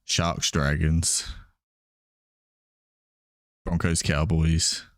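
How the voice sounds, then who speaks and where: Pria Australia bersuara rendah, banyak tertawa. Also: male voice, rumbling low, level tone, very slow, no echo, studio quality. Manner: laughs often, hesitant restarts. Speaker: podcast co-host. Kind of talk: casual sports chat while watching a game.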